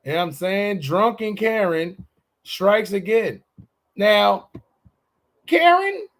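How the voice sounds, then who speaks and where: A man hosting a podcast in casual chat, joking and stretching words out for emphasis. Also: high-pitched. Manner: loose, joking, drawn-out emphatic delivery. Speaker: podcast host.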